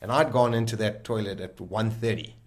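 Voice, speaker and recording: A man, a guest on a podcast, telling a personal story in a vivid, animated way and acting out the lines people said. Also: fairly low pitch, brisk.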